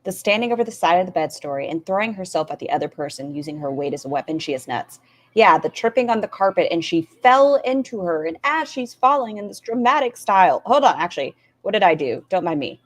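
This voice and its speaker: Woman streamer, middle-aged, sarcastic asides, fairly low voice, lively swooping pitch. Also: fast. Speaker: reaction streamer. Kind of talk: casual commentary on clips.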